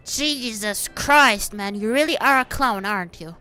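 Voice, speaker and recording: A young woman streaming a game, loud and excitable, swearing and mocking the characters she meets. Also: a little high, unhurried, clear, resonant tone, soft background music.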